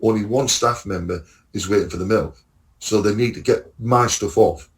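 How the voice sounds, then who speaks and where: Sweary lorry driver telling stories. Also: male voice, lowish voice, moderate pace, gravelly, rough recording. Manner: animated storytelling, acts out dialogue, swears freely. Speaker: lorry driver and podcast guest. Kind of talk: casual chat.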